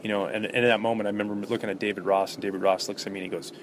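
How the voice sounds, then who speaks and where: A low-pitched middle-aged man recounts clubhouse stories in a loose, chatty interview. He talks with plenty of fillers and restarts. A clear room hiss runs behind him. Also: very fast. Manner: animated anecdotes with many fillers and restarts. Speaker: former baseball player, guest. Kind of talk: relaxed interview storytelling.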